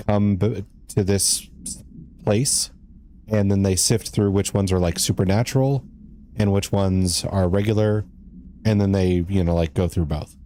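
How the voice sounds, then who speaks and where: A man's voice: on the low side, dark tone, slight background noise. A man streaming a game live, chatting casually with his viewers and reading in-game letters aloud.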